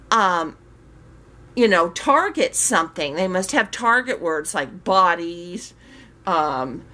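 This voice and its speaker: An older woman casually telling a story to her viewers, chatty and animated, acting out the quoted voices. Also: fairly high pitch. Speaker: reborn doll maker vlogger.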